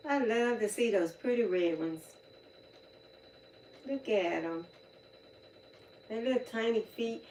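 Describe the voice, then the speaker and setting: A woman, casually telling folksy stories on a livestream in a colloquial, animated way. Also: medium pitch. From North Carolina, US. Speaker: livestream host. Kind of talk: casual storytelling chat. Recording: roomy echo, distant mic, faint background noise.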